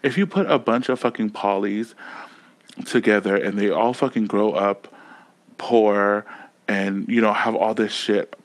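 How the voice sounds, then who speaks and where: A man co-hosting a podcast in casual chat, animated and profane, laughing often and slipping into mimicked voices. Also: fairly low pitch, a little slow, low-quality recording. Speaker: podcast co-host.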